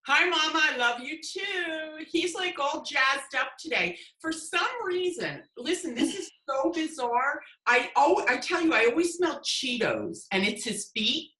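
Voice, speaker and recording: A woman's voice: high voice, lively intonation, measured pace, few pauses, sharp tone. A woman psychic medium chatting as a guest, effusive and emotional as she tells her story. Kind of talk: casual chat. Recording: echoey room.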